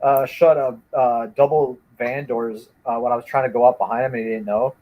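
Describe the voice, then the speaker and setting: A man chatting casually and telling animated childhood stories, acting out voices of his family. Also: medium pitch, brisk, phone-quality sound. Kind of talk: casual chat.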